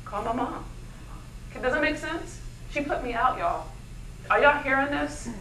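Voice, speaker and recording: A woman speaker gives an animated motivational talk at a luncheon, her voice high and sharp. She keeps turning to the audience with questions. The sound is roomy and picked up from far off, with a faint hiss underneath. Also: moderate pace. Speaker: keynote speaker. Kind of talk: motivational speech. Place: luncheon event hall. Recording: echoey hall, mic from far off.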